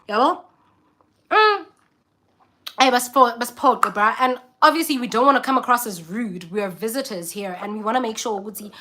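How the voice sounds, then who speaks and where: A young South African woman vlogger telling a story in a casual, animated way, often acting out the voices of the people in it. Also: a little high. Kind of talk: casual storytelling, mixing English and Zulu.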